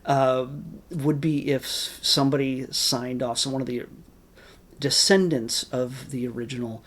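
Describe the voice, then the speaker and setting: A man's voice: mid-range voice, steady tone, unhurried. A man giving a casual, rambling spoken review of a film, with wry asides and many restarts. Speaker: movie reviewer.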